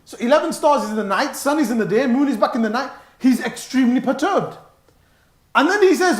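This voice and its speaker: A man giving a sermon in a mosque, animated and stressing his words, mixing in Arabic phrases. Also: extremely high pitch, fast. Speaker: mosque speaker. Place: mosque hall. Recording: echoey mosque hall.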